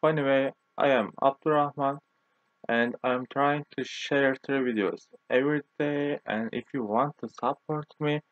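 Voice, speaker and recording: A man's voice: medium pitch, dry recording. A young man, a native Turkish speaker, teaching a language lesson in English and repeating words patiently. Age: young adult. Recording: tinny phone-like audio.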